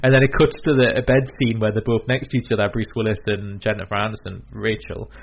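A man's voice: on the low side, little pitch movement, quick pace, vocal fry, highs cut off. A man in casual chat who rambles with many fillers and restarts and acts out quoted lines.

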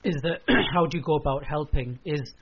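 Quick, candid male co-host with a light, higher voice, heard over lo-fi radio audio. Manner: quick, candid, clears his throat. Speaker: podcast co-host. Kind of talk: casual chat. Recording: lo-fi radio broadcast with faint hiss.

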